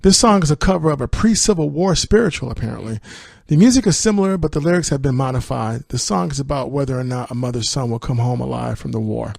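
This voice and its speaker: A man's voice: mid-range voice, expressive, quick pace, gravelly, darkish tone, dry recording, studio quality. Chatty man reviewing an album. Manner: sings lyric snippets, laughs often, speeds up on asides. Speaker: music podcast host. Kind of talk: casual album review with sung lyrics.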